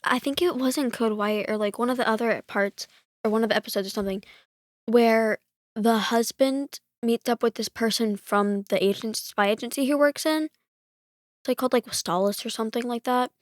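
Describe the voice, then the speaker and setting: A woman's voice: on the high side, normal speed, no echo, clean studio sound. A woman chatting casually on a podcast, retelling a story in a rambling way with lots of fillers. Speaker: podcast guest. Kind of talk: casual chat.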